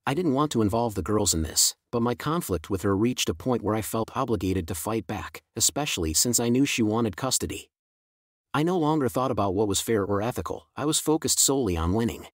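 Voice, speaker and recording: A middle-aged man gives a scripted first-person story narration. His low voice stays even and steady throughout. The recording is dry and close. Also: a little fast, no room sound.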